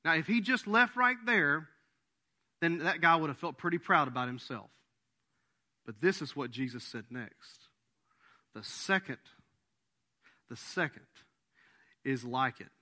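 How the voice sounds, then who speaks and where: A middle-aged man pastor preaching a sermon, emphatic, putting on mocking voices for quotes and dropping low for weight. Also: normal speed. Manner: animated, emphatic preaching with mock quotes and sudden drops to a low voice.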